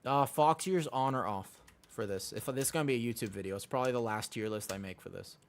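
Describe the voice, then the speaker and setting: A man with a medium-pitched voice streams a game at a quick pace, chatting casually with his viewers and friends. While teaching, he leans on emphatic repetition and drops the odd swear.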